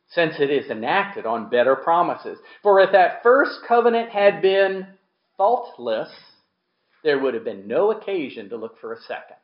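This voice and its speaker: A man preaches a sermon in a conversational way, throwing rhetorical questions at his listeners and acting out little quotes. His voice sits a bit high and swings widely in pitch. The sound is roomy and slightly dull, as if recorded in a church. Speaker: pastor.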